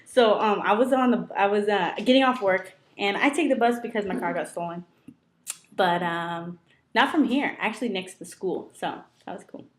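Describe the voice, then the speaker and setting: A young woman co-hosts a casual chat show and tells a rambling story. She giggles often and leans on fillers. Her voice sits at a middle pitch. The room gives it a roomy echo. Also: moderate pace. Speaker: co-host.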